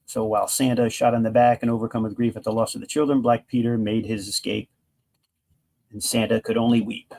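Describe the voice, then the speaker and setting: A man with a gravelly, fry-laced voice at an ordinary middle pitch talks through a comic book he loves. He retells the plot in a loose, enthusiastic ramble, stopping often to restart his sentences. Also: flat delivery, a little fast, darkish tone. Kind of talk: casual comic book review.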